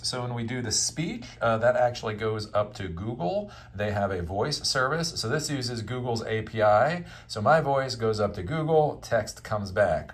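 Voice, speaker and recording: Male host, loose conversational tech explainer, low voice with a wide swing. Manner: conversational, loose, with frequent fillers and restarts. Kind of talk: casual tech demo explanation.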